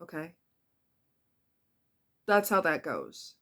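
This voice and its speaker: A woman giving a casual monologue about relationships, emphatic and animated, repeating words for effect. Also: low voice, extremely slow. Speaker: relationship commentator.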